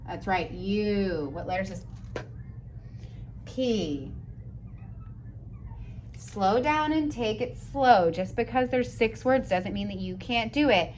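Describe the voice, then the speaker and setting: A woman teacher giving a slow, patient, encouraging writing lesson for young children, sounding out letters and praising often. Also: mid-range voice, slight background noise. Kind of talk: early-grades writing lesson.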